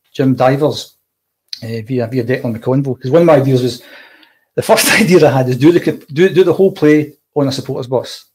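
A man's voice: medium pitch, a little mellow. A man chatting enthusiastically on a podcast about a play he wrote. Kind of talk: casual podcast chat.

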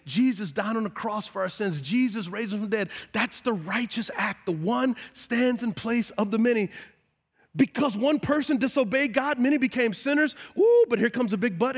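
A middle-aged man preaching a sermon as pastor, talking straight to the congregation and rising to loud, emphatic peaks. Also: sits high. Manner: preachy, builds to shouting, call-and-response asides. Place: large church sanctuary. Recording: long hall reverb.

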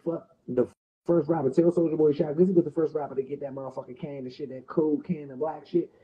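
A man's voice: a little high, steady tone, fast, dull audio. A man with a Washington DC area accent hosting a livestream, roasting someone in a profane, mocking, rowdy rant. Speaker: livestream host.

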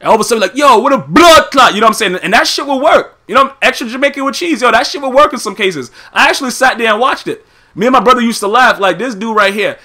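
A man hosting a podcast, animated and profane in a casual rant, who keeps asking "you know what I'm saying". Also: very high-pitched, quick pace. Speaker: podcast host.

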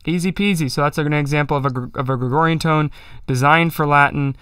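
In a fairly high, fairly bright and clean voice, this man speaks fairly quickly while hosting a livestream. He jokes about himself as he chats about chant, singing psalm tones as examples, and the studio-quality audio has no echo.

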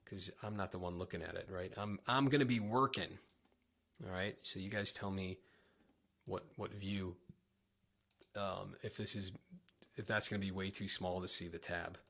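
A man giving a casual livestream guitar lesson, chatty and rambling, often poking fun at himself. His voice is low and gravelly with a bright, sharp edge. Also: fairly even intonation, moderate pace, pauses often. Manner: chatty, rambling, self-deprecating. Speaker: guitar teacher.

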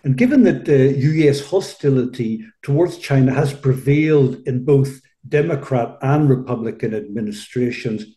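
A male interviewer asking a formal, measured question. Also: medium pitch, animated, warm tone. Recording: echoey room.

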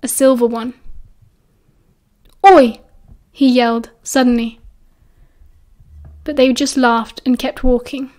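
A woman with a British accent narrating a novel as an audiobook in a steady, expressive storytelling voice. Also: on the high side, unhurried, pauses often. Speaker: audiobook reader.

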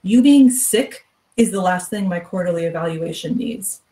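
A woman reading a story aloud, voicing a stern, controlling female store manager with a clipped, quietly pushy manner. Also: fairly low pitch, animated, moderate pace, echoey room, far from the mic, lightly acted. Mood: pressuring.

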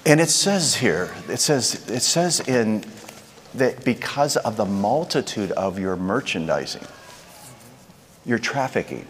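A man's voice: fairly low pitch, big pitch swings, measured pace, long reverb tail, slight background noise. A man preaching a sermon in a conversational way, asking the crowd rhetorical questions.

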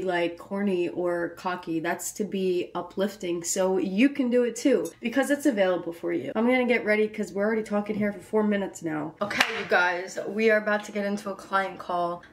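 A woman fitness coach talks straight to her viewers in a motivational vlog. Her voice sits at an ordinary middle pitch, and her delivery is upbeat and affirming, with plenty of "like" woven in. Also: slight background noise. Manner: upbeat, affirming, says "like" a lot.

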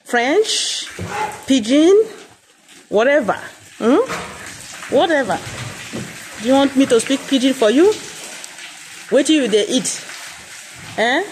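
A woman's voice: sits high, darkish tone, slight background noise. A woman farmer with a Nigerian accent, chatting playfully and coaxing her animals in a casual vlog.

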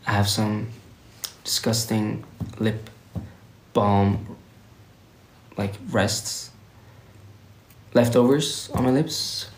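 A man's voice: on the low side, very slow, pauses often, slight background noise. A young man from Sweden, hosting a casual livestream and chatting playfully with viewers while tired. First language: Swedish. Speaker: livestream host. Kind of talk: casual livestream chat reading viewer comments. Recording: roomy echo.

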